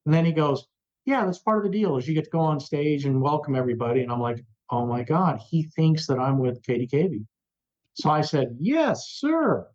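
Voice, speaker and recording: A man who is a rock radio personality, a guest in a remote interview, telling a story with lively energy and acting out the voices of the people he quotes. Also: on the high side, a little fast, highs cut off. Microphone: remote interview over the internet.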